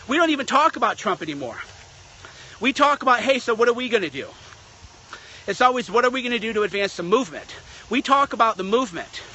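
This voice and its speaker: A man's voice: high voice, pushed and bright, slight background noise. A man delivering a blunt, sarcastic political rant as a commentator. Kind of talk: ranting monologue.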